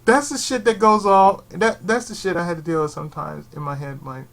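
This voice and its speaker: A man ranting in a casual vlog from his bedroom, rambling and sarcastic, who keeps slipping into mocking high voices and laughing. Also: fairly even intonation, brisk, vocal fry, a bit bright. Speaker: YouTube channel host. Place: his own bedroom setup.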